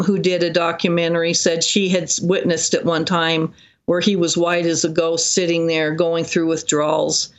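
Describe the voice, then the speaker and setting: Guest speaker, mid-pitched voice, animated detailed storyteller, interview setting.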